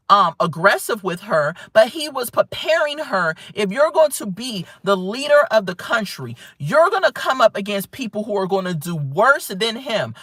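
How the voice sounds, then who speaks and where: Brief: young adult woman, bright forceful voice, animated vlog rant. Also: fairly high pitch, no echo. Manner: animated, emphatic, talks straight to viewers. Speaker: vlogger. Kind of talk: casual opinion vlog while driving home. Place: car.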